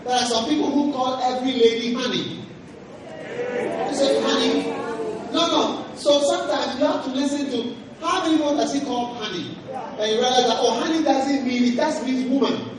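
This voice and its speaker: A man's voice: extremely high pitch, a little fast, a crowd in the background. A man preaching a sermon as pastor, emphatic, often asking the congregation questions. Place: large hall at a camp meeting. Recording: echoey hall, voice from far off, noisy.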